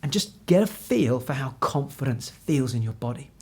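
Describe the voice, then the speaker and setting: A man in his fifties, a confidence coach, giving an energetic, encouraging talk straight to the viewer from an indoor room. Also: mid-range voice, normal speed, breathy edge. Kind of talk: motivational talk to camera. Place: indoor room with pictures on the wall.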